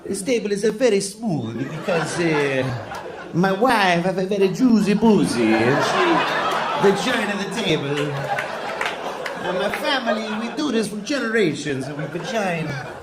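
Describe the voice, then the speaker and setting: A man's voice: on the high side, normal speed, distant mic, very noisy, voice pushed up, natural voice. A man voicing a proud old male furniture maker who speaks broken English. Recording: echoey club with crowd laughter.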